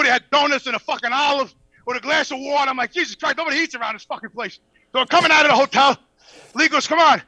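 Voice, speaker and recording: A man telling a profane, animated story on a podcast and acting out the dialogue. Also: very high-pitched, dry recording, low-quality recording. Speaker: podcast guest. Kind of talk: casual storytelling.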